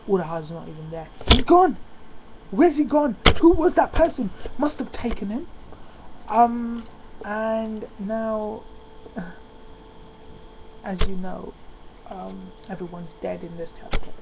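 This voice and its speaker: A man giving a casual spoken review. He talks excitedly and often stops on "uh" and "um" mid-sentence. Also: high voice, vocal fry. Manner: excitable, halting with many fillers. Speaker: manga reviewer. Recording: lo-fi with steady background noise.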